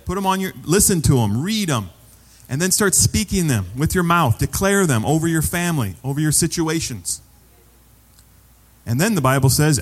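A man's voice: fairly high pitch, sing-song, normal speed, big-room sound. A man preaching a sermon as pastor, conversational and repeating phrases for emphasis.

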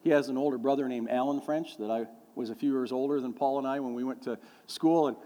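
A middle-aged male pastor with a medium-pitched, mellow voice preaches a sermon at a quick pace and a fairly even intonation. He tells folksy stories packed with fillers and acts out the voices of the people he quotes, all with long hall reverb.

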